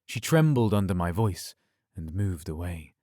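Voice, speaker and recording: A man narrating an audiobook in a scripted, measured storytelling delivery. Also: sits low, sing-song, warm tone, no echo, clean studio sound.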